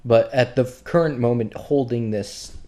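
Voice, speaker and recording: A man's voice: medium pitch, normal speed, mellow, slight background noise. Joking male game master. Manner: joking, loose descriptive narration. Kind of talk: narrating a tabletop game.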